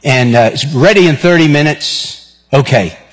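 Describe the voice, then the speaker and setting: A man, preaching a sermon and telling stories in an animated way. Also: a little high, normal speed. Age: 50s. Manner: animated storyteller, acts out dialogue. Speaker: pastor. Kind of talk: sermon with personal storytelling. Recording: long reverb of a large hall.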